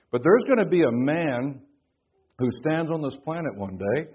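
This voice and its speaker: A man preaching a sermon at a conference, swinging from hushed tones to booming emphasis. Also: expressive, moderate pace, breathy edge, dull audio. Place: conference hall.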